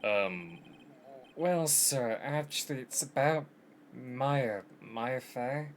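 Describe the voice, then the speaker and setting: A man's voice: a little high, unhurried, fairly bright tone, slight background noise. A man voicing an earnest young male defense lawyer who talks in a hesitant, stammering way. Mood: flustered.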